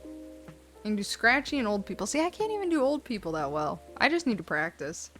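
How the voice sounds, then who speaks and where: A woman's voice: medium pitch, sing-song, a little fast, a bit bright, soft background music. A woman casually commenting while streaming a cozy game, rambling and self-deprecating. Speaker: let's play streamer.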